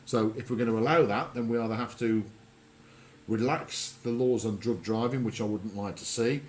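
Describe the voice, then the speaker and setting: A man's voice: medium pitch, normal speed, a little hiss or hum. A man hosting a casual radio chat, rambling and often correcting himself mid-sentence. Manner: rambling, self-correcting, chatty. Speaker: radio show host.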